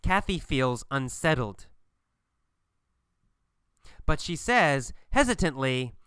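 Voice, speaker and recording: A man teaching an English lesson, speaking slowly and emphatically and repeating phrases for learners to copy. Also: medium pitch, expressive, a bit bright, clean tone, no room sound, studio quality. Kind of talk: scripted language lesson.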